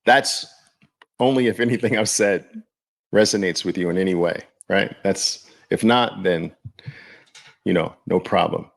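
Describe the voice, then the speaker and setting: A man with a low, gravelly voice hosts a casual livestream, talking slowly and loosely to his viewers. He often checks in with them directly as he goes. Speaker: podcast host.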